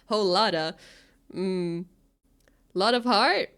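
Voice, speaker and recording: A woman's voice: a little high, very animated, normal speed, long pauses, fairly bright tone. A woman, chatting casually and giggling as a streamer. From Finland. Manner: giggly, self-deprecating. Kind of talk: casual chat while reading a game.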